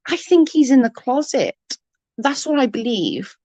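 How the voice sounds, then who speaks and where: A woman's voice: high-pitched, very animated, measured pace, dark tone, no room sound, dull audio. A woman, ranting bluntly and mockingly as an online commentator, full of profanity. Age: 30s. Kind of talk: ranting live-stream chat.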